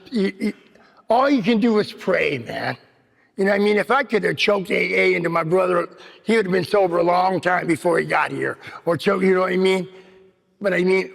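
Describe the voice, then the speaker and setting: High, gravelly man sharing in a hall. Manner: rambling, frequent "you know what I mean". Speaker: recovery meeting speaker. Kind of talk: personal recovery share. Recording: long hall reverb.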